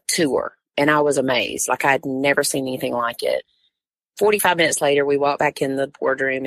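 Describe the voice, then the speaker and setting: A woman's voice: rumbling low, creaky, fairly bright tone, no room sound. A woman tournament director, a guest on a podcast, telling a story in casual conversation and acting out what others said.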